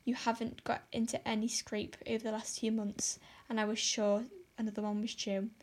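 A woman's voice: fairly high pitch, level tone, moderate pace, a little hiss or hum, natural voice. A woman voicing a stern older spinster who scolds and speaks with dry sarcasm.

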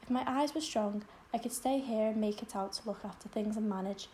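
A tired, clipped older woman's voice, stern and worn down, with a low mellow weight, as a woman narrator plays her. Her lines come flat and plain in an audiobook reading. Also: fairly quick, slight background noise, close to an everyday voice. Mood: sorrowful. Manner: weary, clipped and bitter. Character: stern, weary elderly spinster. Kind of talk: audiobook character voice.

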